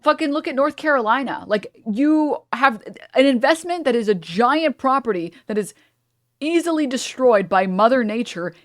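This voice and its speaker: A woman's voice: sits high, animated, moderate pace, no room sound, clean studio sound. A woman streamer reacting to clips in casual commentary, profane and rambling, cutting herself off mid-thought. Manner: profane, rambling, self-interrupting.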